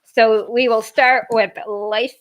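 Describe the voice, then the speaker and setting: Woman reading a book on her stream, fairly high voice, keeps stopping to comment and fix her slips. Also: fairly even intonation, slow pace. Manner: reads aloud with chatty asides and self-corrections. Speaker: livestream host reading a book aloud. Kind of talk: casual livestream book reading.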